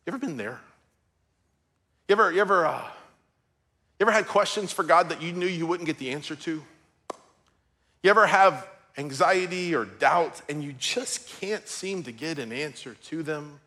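A man in his thirties, a pastor preaching a sermon and telling a personal story with strong emotion, swinging from loud to hushed. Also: on the high side, fairly quick.

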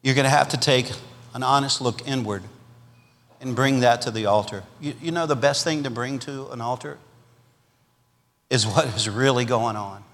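A man with a Southern US accent preaching a storytelling revival sermon, swinging between loud punches and quiet asides. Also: medium pitch, normal speed, long pauses, in a large hall. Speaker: pastor.

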